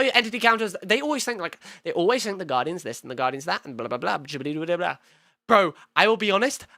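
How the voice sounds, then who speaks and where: An excitable young man with a high, bright voice rambles through his own video on stream, swearing and breaking into quick bursts. The mic sound is close and dry, with no room echo. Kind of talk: casual reaction commentary.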